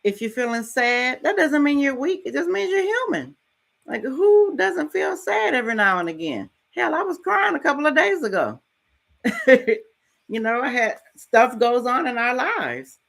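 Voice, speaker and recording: A woman's voice: high-pitched, moderate pace, creaky. Frank, casual middle-aged woman host. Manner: frank, casual, lively storytelling with mild swearing. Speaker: podcast host. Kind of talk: candid motivational talk.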